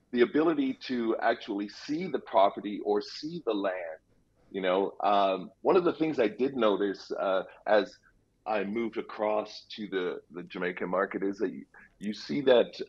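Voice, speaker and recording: A man speaking as a real estate guest on a radio interview, explaining things in an easygoing way with quick asides. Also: on the low side, husky. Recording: dull lo-fi line.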